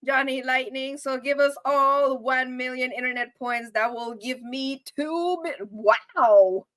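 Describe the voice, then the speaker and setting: A woman talks to her viewers on a live show, her voice high and bright. She is chatty and emotional, thanking people warmly, and the sound is dry and close to the mic. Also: takes it slowly, no echo. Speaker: channel host. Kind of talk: casual livestream chat.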